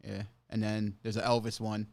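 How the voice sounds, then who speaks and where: A man's voice: on the low side, completely flat delivery, normal speed, vocal fry, a little mellow, no room sound. A man co-hosting a podcast in casual chat, easygoing, mostly giving short agreeing replies. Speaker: podcast co-host.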